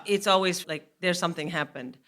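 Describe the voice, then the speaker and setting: A woman in her forties, guest comedian on a live stage, tells an animated story and laughs along the way. Her voice is fairly low and she talks fairly quickly.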